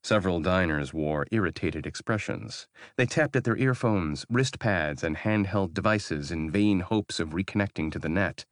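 A male audiobook narrator with a very low voice, reading in a measured, even storytelling manner. The recording is close and dry, with no room sound. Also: no echo. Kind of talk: scripted narration.

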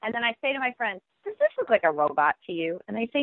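Animated woman on a tinny phone line. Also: a little high, fast talker, hardly any pauses, no room sound. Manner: animated, acts out children's voices while telling. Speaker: children's book author. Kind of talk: podcast interview answer.

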